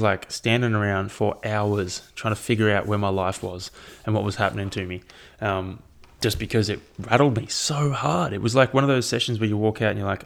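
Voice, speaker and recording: Aussie young guy rambling about training, low voice, kinda gravelly, swears heaps. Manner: relaxed, rambling, swears often. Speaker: triathlete sharing training update. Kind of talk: casual chat. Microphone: own microphone.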